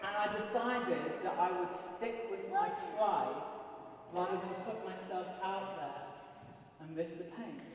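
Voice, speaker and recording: High-voiced man preaching in an echoey hall. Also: a little slow, crowd noise. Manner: animated storytelling with self-mocking humor. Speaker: pastor. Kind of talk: sermon. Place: church auditorium. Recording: echoey hall from far off, faint noise.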